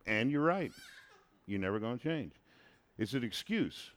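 A man talking in a lively, preachy way on a faith-centered show. He hammers his points by saying them again and again. His pitch sits in an ordinary middle range. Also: measured pace, long pauses. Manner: animated, preachy, repeats phrases for emphasis. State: married, has a son. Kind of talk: casual faith-based chat.

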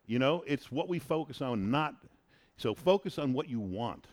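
A man talking in a lively, preachy way on a faith-centered show. He hammers his points by saying them again and again. His pitch sits in an ordinary middle range. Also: moderate pace. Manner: animated, preachy, repeats phrases for emphasis. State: married, has a son. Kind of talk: casual faith-based chat.

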